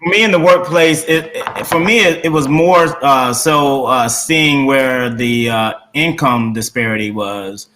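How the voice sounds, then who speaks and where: A man guest in a casual discussion, speaking hesitantly with frequent pauses. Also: medium pitch, bright, forceful tone, low-quality recording. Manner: hesitant, many "uh" fillers and restarts.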